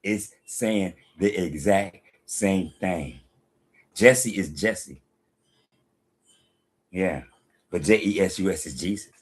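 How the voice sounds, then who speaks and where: A man's voice: low voice, slow pace, long pauses, slightly rough. A man hosting a casual video, questioning a phone app in a skeptical, rhetorical way and talking back to it. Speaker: video host. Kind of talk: casual commentary while quizzing a phone app.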